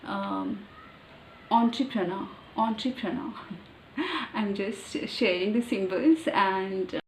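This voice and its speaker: Woman slowly repeating practice words. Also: mid-range voice, animated, vocal fry. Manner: repeats words over and over, slow and deliberate. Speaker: vlogger practicing pronunciation. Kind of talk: casual practice vlog. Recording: echoey room, faint ambient noise.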